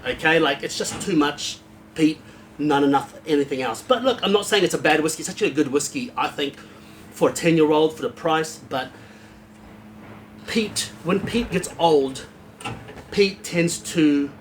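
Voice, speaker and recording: A man's voice: a little high, slight background noise. A man hosting a casual, unscripted whisky review, rambling and blunt, swearing freely.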